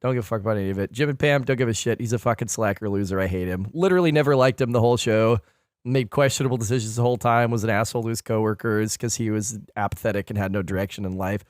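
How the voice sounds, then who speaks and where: A man's voice: on the low side, fast, no echo, studio quality. A man co-hosting a gaming podcast, ranting bluntly and swearing in casual chat. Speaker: podcast co-host.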